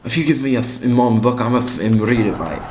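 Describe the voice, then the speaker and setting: A young man putting on a loud, blunt English man who keeps calling people mate. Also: medium pitch, expressive, fast, reverberant, slight background noise, pitched above the performer's own voice, natural voice. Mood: brash. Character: brash swearing English man, loud and tipsy.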